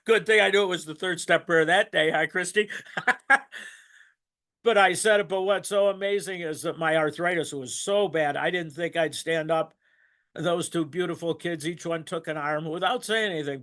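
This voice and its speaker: A man's voice: on the high side, moderate pace, fairly bright tone. An older man giving a rambling, emotional personal testimony at a recovery meeting, laughing and choking up as he goes. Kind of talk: personal testimony, casual storytelling.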